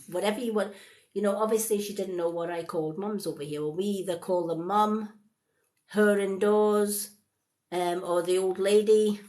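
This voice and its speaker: A woman giving a live psychic card reading in a chatty, rambling way, full of animated asides. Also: mid-range voice.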